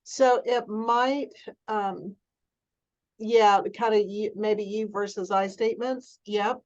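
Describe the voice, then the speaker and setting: A woman speaks at a middle pitch, asking careful questions as a group participant. Her voice comes through a slightly dull, muffled recording. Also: fairly even intonation, slow, darkish tone. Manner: thoughtful, questioning.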